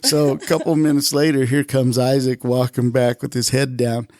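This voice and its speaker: A retired police officer in his fifties tells a story on a podcast, animated and loose with swearing. His voice sits in a middle pitch, and the sound is close and dry, with no room in it. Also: moderate pace, dry recording. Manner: animated, swears freely, acts out quoted lines. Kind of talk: casual storytelling.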